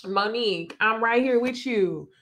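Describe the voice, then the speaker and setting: A woman hosting a live reality TV recap, chatting casually to her viewers in slang with lively asides. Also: fairly high pitch, measured pace. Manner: chatty and animated, talks straight to viewers with slang and laughs.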